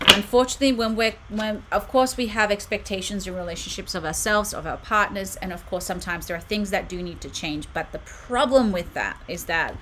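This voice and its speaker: A woman's voice: medium pitch, sharp tone, slight background noise. A woman hosting a casual livestream card reading from a room at home, chatting with viewers, reading out their comments and giggling often. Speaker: oracle card reader and channel host. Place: home room with her books on shelves behind.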